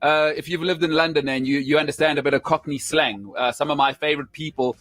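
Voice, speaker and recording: A man's voice: a little high, fast talker, a bit bright, no room sound. A man hosting a sports talk show, effusive and grateful, often stumbling over his words. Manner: effusive, stammering restarts. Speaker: host. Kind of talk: casual chat.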